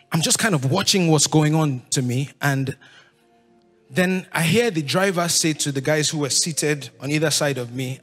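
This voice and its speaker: A man with a Nigerian accent in his thirties, telling his life story to an audience in lively, animated storytelling. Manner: lively, acts out voices of others with big pitch jumps, laughs while telling.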